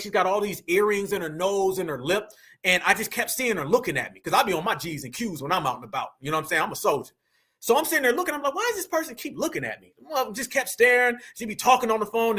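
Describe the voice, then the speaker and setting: A man talks in a high, bright voice. He gives animated, preachy commentary packed with slang, speaking straight to his online audience. His delivery stays casual and direct. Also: breathy edge.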